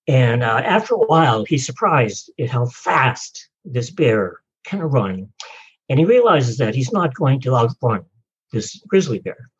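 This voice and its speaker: Guest author, male, husky and easygoing, slightly muffled recording. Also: mid-range voice. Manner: relaxed storytelling, frequent uh fillers. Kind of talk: podcast interview.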